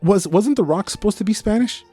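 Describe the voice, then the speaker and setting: Soft music plays behind a high-pitched, brisk man's voice, mellow with a breathy edge. He's one of the hosts of a podcast, casually reviewing a movie while cursing, performing his own reactions, and slipping Spanish slang into his English.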